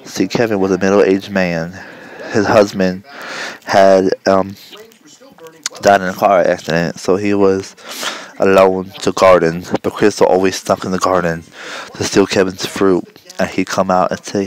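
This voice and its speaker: A man's voice: low voice, level tone, rough recording. A man improvising a crude comic story, rambling and often stopping to correct himself. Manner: rambling, halting, self-correcting.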